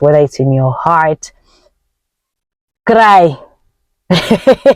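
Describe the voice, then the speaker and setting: Expressive woman, a self-help coach, in a dry room. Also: no room sound. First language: Nyanja. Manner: emphatic and expressive, with big swings in pitch and tempo; preachy, faith-filled encouragement. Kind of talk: motivational vlog talk.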